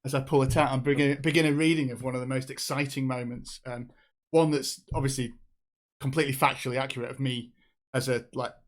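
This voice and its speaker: A man's voice: medium pitch, steady tone. Dude at a tabletop game, playful, trips over his words a lot. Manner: halting, playful, many restarts. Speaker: player. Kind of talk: tabletop role-play chat.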